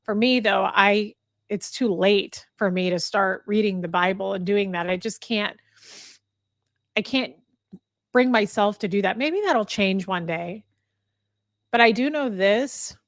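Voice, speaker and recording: Earnest halting woman streamer. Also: medium pitch, no room sound, studio quality. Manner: halting, earnest, restarts often. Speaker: livestream host. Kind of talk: candid emotional talk to viewers. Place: indoor room with a fire.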